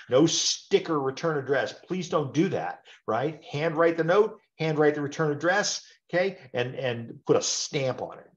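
A man's voice: mid-range voice, lo-fi sound. A man in his sixties giving an informal training webinar, talking in a rambling, conversational way and checking in with tag questions. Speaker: webinar presenter.

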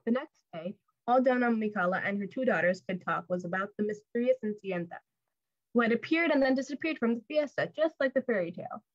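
A woman's voice: on the high side, lively intonation, fairly quick, lo-fi sound. A woman reading a picture book aloud to children, acting out the lines and mixing in Spanish words. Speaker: volunteer reader.

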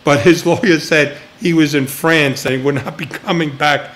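A man's voice: fairly high pitch, moderate pace. An older man, a retired agent, telling stories in a casual interview and acting out the voices of the people he quotes, laughing now and then. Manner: animated storyteller, acts out quoted voices, laughs often.

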